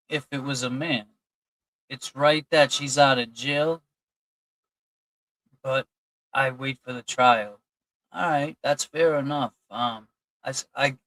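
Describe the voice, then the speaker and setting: In a loose, chatty way, a livestream host reads out donors from chat and thanks them. His medium-pitched voice is a bit bright, with no echo, in a low-quality recording.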